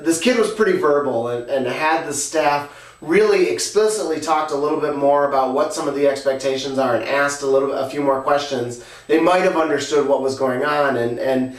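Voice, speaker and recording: Guy hosting a podcast, telling a story, lots of uhs, kinda high voice, sounds far off the mic. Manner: halting, with frequent "uh" fillers. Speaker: podcast host. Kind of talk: casual storytelling. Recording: roomy, distant from the mic.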